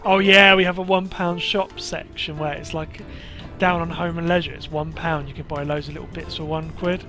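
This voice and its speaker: A man's voice: a little high, flat delivery, moderate pace, over music. A man hosting a game livestream, chatting casually and telling stories with frequent laughs. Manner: chatty, laughs often, retells shop stories. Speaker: livestream host. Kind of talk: casual chat while streaming a game.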